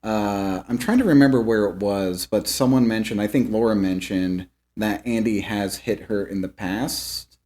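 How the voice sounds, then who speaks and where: A man with a lower voice talks through a movie plot in a relaxed podcast chat. His phrasing rambles, full of fillers and casual swearing. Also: moderate pace. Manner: loose, swearing, lots of fillers. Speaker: podcast co-host.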